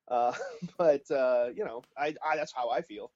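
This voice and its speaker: A man co-hosting a podcast, talking in an animated, casual way with lots of "like". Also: mid-range voice, unhurried, lo-fi sound. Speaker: podcast co-host.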